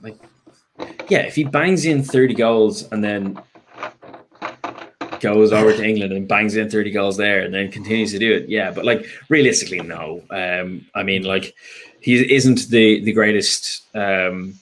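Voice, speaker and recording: A man's voice: on the low side, normal speed, slight background noise. An Irish man chatting as a fan guest after a match, frank and rambling, with lots of ums and restarts. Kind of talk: casual post-match chat.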